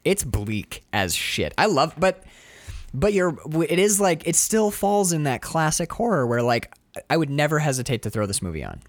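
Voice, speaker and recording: Man, podcast co-host, casual movie chat, animated, rambling, profane, wide-ranging pitch, dry mic. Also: moderate pace, no echo.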